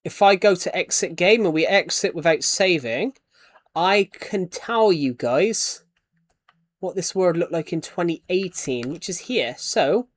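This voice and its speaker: A young British man chats casually while streaming a game, thanking viewers and donors and often trailing off into restarts. His voice sits high and sounds animated, and he keeps a measured pace.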